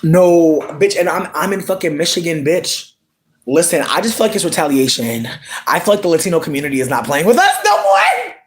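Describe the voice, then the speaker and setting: A live streamer ranting in a casual, dramatic way, swearing often, calling viewers sweetie, and jumping into sudden squeals and drawn-out words. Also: medium pitch, big pitch swings.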